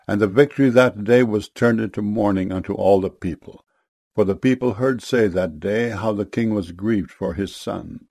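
A man reading scripture aloud in a steady, solemn manner. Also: fairly low pitch, dry recording, studio quality. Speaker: Bible reader.

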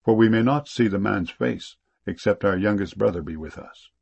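Pleading elder brother read by a man, low husky voice, solemn scripture reading. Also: moderate pace, darkish tone. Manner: earnest, pleading. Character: pleading grown brother begging for mercy.

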